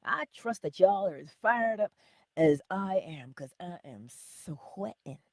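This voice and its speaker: A woman hosting a motivational livestream, with a husky voice, laughing often and answering her chat. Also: fairly low pitch, slow, no echo, clean studio sound. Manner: animated, laughing, talks to chat. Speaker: livestream host.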